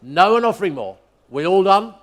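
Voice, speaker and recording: A man working as an auctioneer, calling bids live in a brisk, rhythmic chant, repeating each figure as he asks for the next. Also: sits high, very animated, a bit bright. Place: auction hall at a motor museum.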